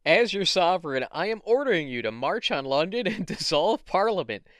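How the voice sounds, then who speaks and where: Give me a pompous king played by a man, raised and grandly commanding, with a bright, clear voice. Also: high-pitched, big pitch swings, normal speed, dry recording, studio quality. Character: pompous self-declared male monarch.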